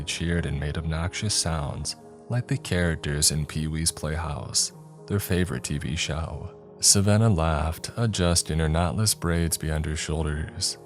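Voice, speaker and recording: Deep-voiced male story narrator.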